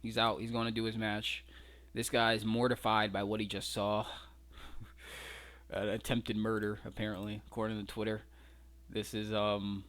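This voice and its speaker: A man's voice: fairly low pitch, fairly even intonation, normal speed, fairly bright tone. A man giving a casual, incredulous breakdown of fight footage, mocking and swearing freely. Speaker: wrestling commentary vlogger.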